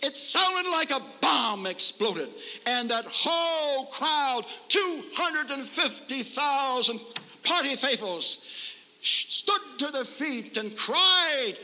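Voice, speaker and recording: A man's voice: extremely high pitch, lively intonation, slow pace, pushed and bright. A man preaching a revival sermon at a camp meeting, fervent and emphatic, repeating lines for effect. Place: large camp-meeting hall before a congregation. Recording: live sermon with long hall reverb.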